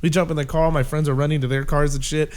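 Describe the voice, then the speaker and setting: A man's voice: a little high, little pitch movement, quick pace, a little mellow. A man, a podcast guest, telling a story in a casual way, swearing often and laughing as he goes. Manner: profane, laughing through the telling.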